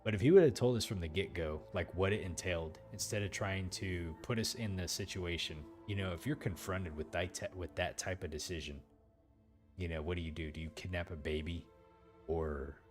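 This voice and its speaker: A man's voice: deep voice, brisk, a little mellow, faint music behind. A man hosting a let's play, giving loose, rambling commentary full of fillers as he plays.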